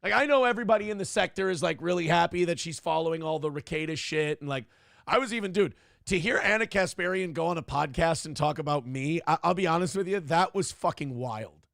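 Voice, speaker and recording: Gravelly profane livestream host. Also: male voice, on the high side, fairly quick, fairly bright tone, dry recording, clean studio sound. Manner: rambling, profane, sarcastic, reads comments aloud. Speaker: show host. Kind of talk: casual political commentary livestream.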